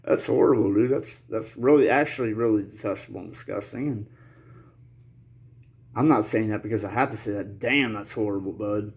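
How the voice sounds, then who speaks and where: In a fairly low, creaky, darkish voice at normal speed, a man hosting his channel rambles casually and slangily to his viewers on camera. Still recovering from an illness, he coughs occasionally and laughs nervously during serious points.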